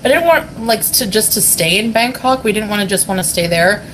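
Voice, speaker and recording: A woman chats casually on a livestream, answering viewer comments between frequent giggles. Her voice sits at an ordinary middle pitch, and there is a faint hiss in the background. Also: expressive, brisk, rough recording. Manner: giggly, chatty, many fillers. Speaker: vlogger reading chat. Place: hotel room.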